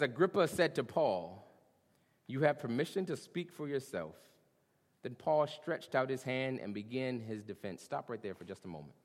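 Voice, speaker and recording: Male pastor, sermon, fairly high voice, hushed to booming, long hall reverb. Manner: dynamic preaching, swings from hushed to booming, says "y'all".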